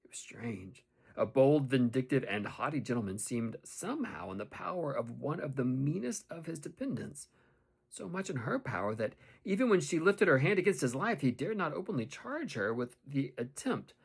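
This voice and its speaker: A man narrating a classic novel in the first person with expressive, measured storytelling. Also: a little high, vocal fry, breathy edge. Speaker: audiobook narrator.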